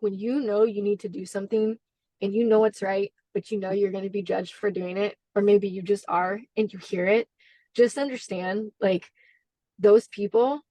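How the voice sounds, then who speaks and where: A woman's voice: medium pitch, dark tone, no room sound. A woman basketball coach, a podcast guest, telling a story in an earnest, heartfelt way, with many fillers and restarts. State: briefly emotional. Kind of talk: conversational interview storytelling.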